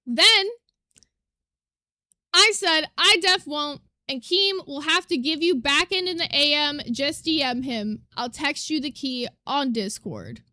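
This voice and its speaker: A young woman streamer talks straight to her live chat in a very high voice. She is emphatic and indignant and swears freely as she argues her side. The sound is dry and close, with no room around it. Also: animated, takes it slowly, pauses often, sharp tone, no echo.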